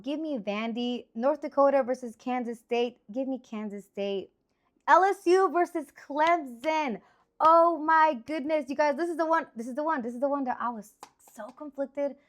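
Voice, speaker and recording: Woman, 30s, a bit high-pitched, casual sports-picks host: rambly, excitable, lots of exclamations. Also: normal speed.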